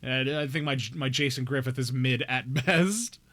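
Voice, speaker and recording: At normal speed and in a mid-range, fairly bright voice, a young man chats casually with his viewers during a gaming live stream. He's playful and jokey, speaking straight to chat with occasional mock outrage.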